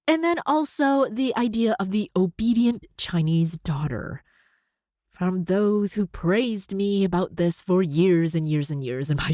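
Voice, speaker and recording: A woman with a slight lisp hosts her own podcast, her pitch swinging freely and often rising at the ends of sentences. The sound is dry and close, with no room around it. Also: no room sound. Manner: upspeak at sentence ends, frequent laughs. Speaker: podcast host. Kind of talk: solo podcast talk.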